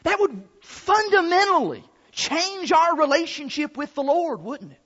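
Male preacher, very high pitch, emphatic drawn-out delivery, muffled recording with long hall echo. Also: big pitch swings, a bit bright. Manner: emphatic, drawn-out stresses on key words. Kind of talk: sermon. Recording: long hall reverb, dull lo-fi sound.

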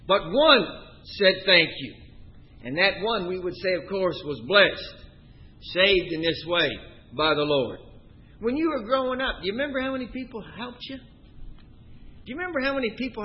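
A middle-aged male preacher with a high voice, preaching through personal stories. He moves between loud, emphatic lines and soft, quiet asides. The recording sounds dull and lo-fi. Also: lively intonation, normal speed. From Canada. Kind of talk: sermon.

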